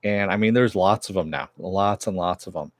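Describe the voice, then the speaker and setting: Low-voiced man rambling through a recap. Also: normal speed, no room sound, clean studio sound. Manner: rambling, filler-heavy retelling. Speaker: TV episode reviewer. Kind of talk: casual recap and review.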